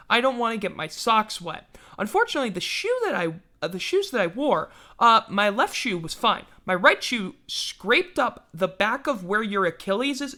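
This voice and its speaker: A man's voice: high voice, bright, forceful tone. A man hosting a casual sports livestream, rambling and self-mocking, yawning now and then as he talks. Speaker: podcast host.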